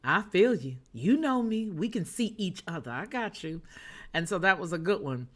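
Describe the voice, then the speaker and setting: A woman's voice: on the low side, animated, moderate pace, fairly bright tone. A woman hosting a news and chat livestream, talking to her viewers in a sassy, emphatic way as she reads their comments. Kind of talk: casual chat, reading chat comments.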